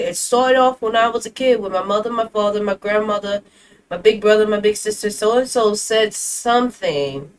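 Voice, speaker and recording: Excitable woman reacting, slow drawl. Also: mid-range voice. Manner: excitable, gasping and exclaiming at clips. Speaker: reaction video host. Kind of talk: casual reaction commentary.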